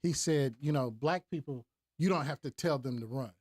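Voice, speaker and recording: A man on a discussion panel, casually recounting things in a relaxed way with restarts. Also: mid-range voice, moderate pace, dry recording, studio quality.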